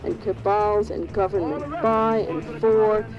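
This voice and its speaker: A woman performs spoken-word poetry, declaiming line after line in a steady, chanting rhythm. Her pitch sits in the middle range for a woman. Music plays clearly beneath her voice. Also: normal speed, lo-fi sound.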